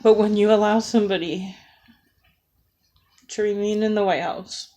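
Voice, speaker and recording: A woman giving an earnest, halting political rant in a vlog, emotional and tearful. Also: mid-range voice, steady tone, dark tone. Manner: earnest, pleading, slow and halting.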